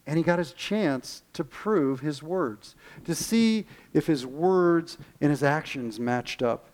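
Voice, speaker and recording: A man preaching in a church with a fairly high voice. He delivers an animated sermon, acts out the voices of the people in his stories and slows right down on the lines he wants to land. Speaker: pastor.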